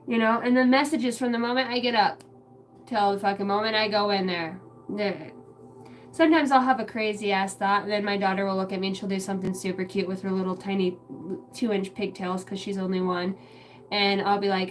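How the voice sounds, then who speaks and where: A woman's voice: medium pitch, fast. Brief: young woman psychic streamer, casual rambling chat, lots of swearing, faint background noise at home. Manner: rambling, swears a lot, animated. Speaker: livestream psychic reader.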